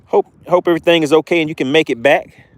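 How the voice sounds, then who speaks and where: A man hosting a live fishing stream from a boat outdoors, reading chat and shouting playful catchphrases. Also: fairly high pitch, quick pace, dry recording. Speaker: fishing livestream host.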